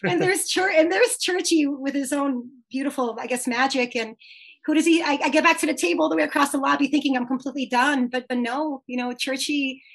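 Bubbly high-voiced woman telling a story. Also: a little fast, gravelly. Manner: animated, laughing, acts out quotes. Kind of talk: casual storytelling.

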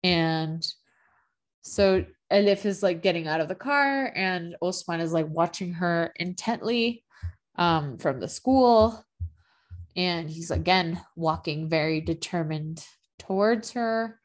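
A woman's voice: fairly low pitch, expressive, slow pace. A woman in casual chat, recapping a TV drama as a podcast co-host, talking loosely with lots of fillers and frequent laughs. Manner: chatty, filler-heavy, laughs often.

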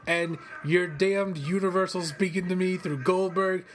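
A man's voice: sits high, slight background noise. Rambling, profane man hosting. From western Kentucky, USA. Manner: rambling, profane, quick to excited outbursts. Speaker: host. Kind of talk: casual watch-along commentary. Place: cold home office studio.

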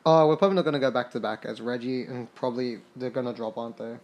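A young man, a gaming podcaster, gives casual commentary on a basketball sim game, reading stats out loud, cursing freely, and getting worked up. His voice is medium in pitch and his pace is quick.

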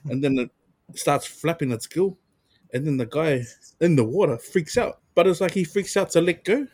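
Husky laid-back New Zealand man. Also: fairly high pitch, lively intonation, normal speed, a little mellow, dry recording. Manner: laid-back storytelling with slang and chuckles. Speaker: podcast co-host. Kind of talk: casual chat.

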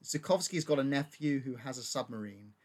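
A man's voice: mid-range voice, fairly quick, darkish tone. A man co-hosting a casual film discussion, chatty and laughing often as he retells scenes. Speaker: podcast co-host.

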